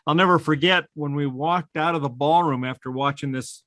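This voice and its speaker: A man's voice: fairly high pitch, a little fast, sharp tone, no echo, studio quality. A man hosting a podcast, recalling an event with easygoing enthusiasm. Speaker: podcast host. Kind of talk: casual interview chat.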